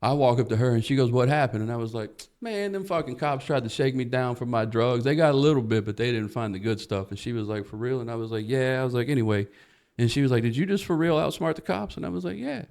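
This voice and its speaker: A man's voice: medium pitch, fast, creaky. A man, a guest comedian, telling a long story on a comedy podcast, swearing freely and acting out the other people in it. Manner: profane, animated storyteller who acts out quotes.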